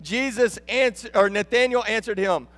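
A man with a Texan accent preaching a lively sermon as a guest speaker, talking to the congregation and calling out to them. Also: high-pitched, moderate pace, long reverb tail. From Texas. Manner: animated, rising to emphatic calls. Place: church sanctuary.

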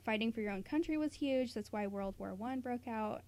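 A woman's voice: a little high, moderate pace, a little mellow. A woman from the United States, chatting casually as a podcast co-host, with lots of fillers, asides and little laughs. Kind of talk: casual chat.

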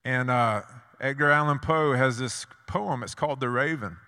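A male preacher delivering a sermon at a middle pitch, his voice trailing off into a long reverb that fills the church sanctuary. He tells stories, asks rhetorical questions and hammers ideas home through repetition. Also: moderate pace, sharp tone, smooth.

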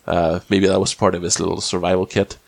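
A man's voice: deep voice, flat delivery, vocal fry, a little mellow, no room sound. A podcast host with a slight cold, rambling and restarting as he recaps a TV episode in casual chat. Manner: rambling, halting, many restarts.

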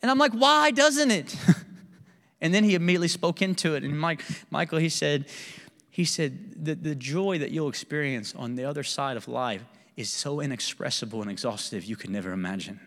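A young adult male pastor preaching a candid, animated sermon with personal stories and laughter. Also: a little high, a little fast, in a large hall.

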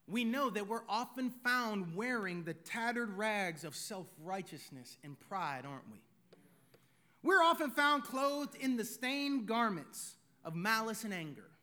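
A man's voice: high-pitched, sharp tone. A middle-aged man, preaching a sermon in a conversational way, full of rhetorical questions. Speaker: pastor.

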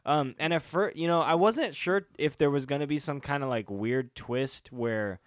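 A man's voice: on the high side, moderate pace, no echo, clean studio sound. A man hosting a casual chat, reading out episode summaries and joking, with frequent swearing and laughter. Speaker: podcast host.

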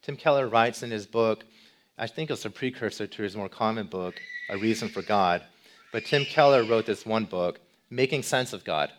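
A male pastor giving a sermon, asking rhetorical questions and moving between loud emphasis and quiet, low passages. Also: normal speed. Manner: animated, swings between loud emphasis and soft low delivery.

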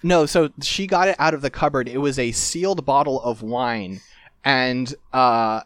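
A man's voice: medium pitch, measured pace, fairly bright tone, clean tone, no room sound. Man rambling casually with a dry sound. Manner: rambling, filler-heavy, amused. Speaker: podcast co-host discussing a game. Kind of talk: casual chat.

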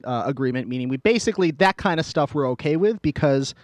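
A man's voice: on the high side, animated, fast, no room sound. A man co-hosting a podcast in casual chat, explaining at length and chuckling often. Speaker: podcast co-host.

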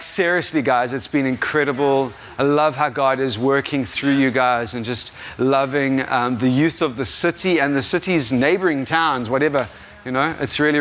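A man's voice: mid-range voice, fairly bright tone, a little hiss or hum. A young adult man with a South African accent preaching an informal sermon, rambling and self-deprecating, laughing at himself often. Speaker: guest preacher.

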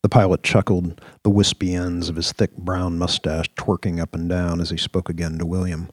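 A male storyteller with a very low, husky voice reads a science-fiction audio drama in a measured, descriptive manner. The recording is close and dry, with no room sound. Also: level tone, no room sound. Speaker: narrator. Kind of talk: scripted audio-drama narration.

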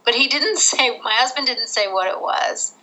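A woman's voice: a little high, moderate pace, bright, forceful tone, rough recording. A middle-aged woman from Australia, a guest telling her own story candidly in a casual interview, laughing through the hard parts.

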